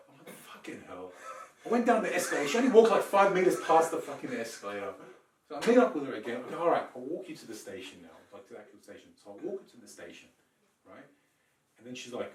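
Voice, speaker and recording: A man's voice: medium pitch, very fast. A man on a casual podcast who tells a story with lots of swearing and acts out what each person said. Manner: animated, swearing, acts out quoted lines. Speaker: podcast co-host. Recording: roomy, mic a bit distant.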